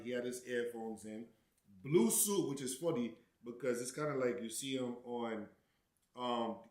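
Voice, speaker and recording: A young man speaks casually as he reacts to a property listing, rambling through an anecdote and checking in with "right?" along the way. His voice sits at an ordinary middle pitch. The room around him gives it a noticeable echo. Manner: chatty storytelling with fillers like "right?" and "you know". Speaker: real estate channel host. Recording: roomy echo.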